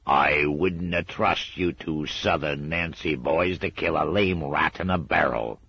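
A man doing a gruff old brawler. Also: rumbling low, unhurried, pushed and bright, dry recording, dull audio, heavily acted. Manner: growling, blunt and scornful. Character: gruff, scrappy old man, stubborn and rough.

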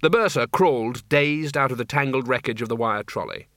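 A man's voice: mid-range voice, fairly quick, a bit bright, no echo, studio quality. A man narrating a comic fantasy audiobook in a wry storytelling manner.

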